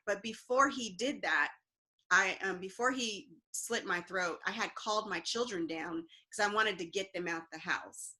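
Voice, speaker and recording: A woman's voice: mid-range voice, normal speed, pushed and bright. A woman, an interview guest, earnestly recounting a personal story with fillers and restarts.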